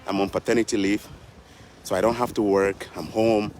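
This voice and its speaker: A man's voice: on the low side, steady tone, moderate pace, a little mellow, slight background noise. A young man from Africa talking casually and earnestly to his viewers in a vlog, repeating his points like a preacher. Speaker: vlogger. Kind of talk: casual vlog talk to camera.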